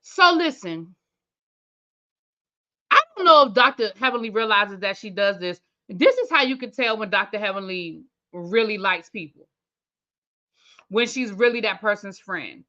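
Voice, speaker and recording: A woman hosts a TV review channel, recapping an episode in loose, chatty talk. She thinks aloud and speaks straight to her viewers, in a bright, forward voice. The sound is dull and lo-fi. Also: medium pitch, expressive, measured pace, pauses often. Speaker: TV review host. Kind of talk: casual recap chat.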